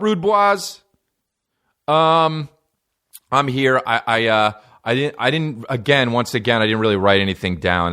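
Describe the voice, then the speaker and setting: A man's voice: mid-range voice, fairly bright tone, clear, resonant tone. A man from New Jersey, a comedian hosting his podcast, talking in a rambling, playful, profane monologue.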